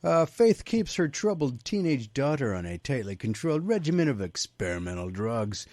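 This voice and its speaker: A man's voice: mid-range voice, normal speed, few pauses, dry recording. A man hosting a casual movie review show, giving his take and then passing the turn to each co-host. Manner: lively, hands turns to co-hosts. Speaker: podcast host.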